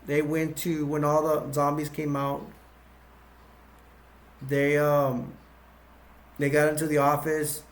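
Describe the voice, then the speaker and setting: A man with a slightly high voice recaps a film's plot in loose, casual talk. He wanders through the story with plenty of fillers, false starts and self-corrections. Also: completely flat delivery, slow pace, pauses often. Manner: rambling, with many fillers and restarts. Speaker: movie reviewer.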